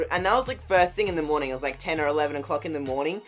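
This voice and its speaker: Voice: medium pitch, rapid-fire, soft background music. A young YouTuber with an Australian accent telling a casual storytime vlog in a rambling way, full of "like". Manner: rambling, heavy use of "like".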